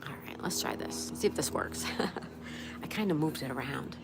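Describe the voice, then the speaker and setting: A woman's voice: low-pitched, normal speed, creaky, in a whisper. A woman hosting a casual live stream, chatting and reading viewer comments aloud while greeting each person by name. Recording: steady background noise.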